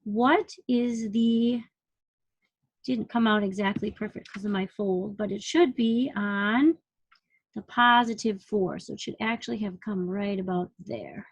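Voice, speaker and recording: A woman's voice: mid-range voice, unhurried, breathy edge, no room sound, muffled recording. A woman teaching a recorded math lesson, patiently counting units aloud and asking questions as she works. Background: dog barking.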